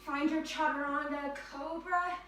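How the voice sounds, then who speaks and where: A woman leading an energetic yoga fitness class, cheering and counting down reps, slightly out of breath. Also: high-pitched, unhurried, a little hiss or hum. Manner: upbeat, encouraging, counts down reps. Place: yoga studio. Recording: echoey room from a distance.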